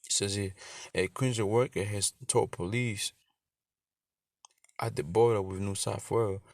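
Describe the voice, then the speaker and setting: A man's voice: fairly low pitch, steady tone, unhurried, gravelly, no room sound, clean studio sound. A man teaching casually, reading scripture and a news article aloud, stumbling and repeating words, with some swearing. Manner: stumbling, repetitive reading with profanity. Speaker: religious teacher. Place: in Australia.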